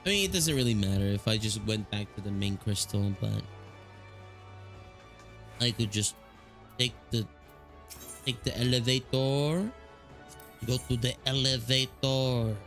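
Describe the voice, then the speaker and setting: A man's voice: medium pitch, unhurried, long pauses, a bit bright, soft background music. A man streaming a video game, musing aloud in casual commentary with self-corrections.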